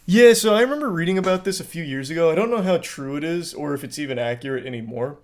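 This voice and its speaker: A man's voice: on the high side, animated, fast talker. A man livestreaming, talking in a dry, offhand and profane way as he reacts to a clip and chats with viewers. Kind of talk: casual reaction commentary.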